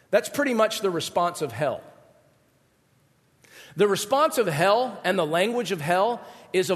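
A man preaching a lively sermon, acting out the voices of the people in the story with big swings in pitch. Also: big-room sound. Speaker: pastor.

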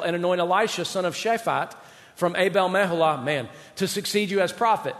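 A man preaching a sermon, swinging from loud emphasis to hushed near-whispers and acting out God's voice in paraphrase. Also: sits high, long reverb tail. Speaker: pastor.

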